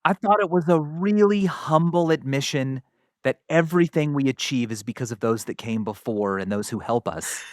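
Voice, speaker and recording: A man's voice: medium pitch, animated, normal speed, a little mellow, no room sound, studio quality. A man co-hosting a podcast, chatting casually and reacting with surprised interjections. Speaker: podcast co-host. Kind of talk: casual chat.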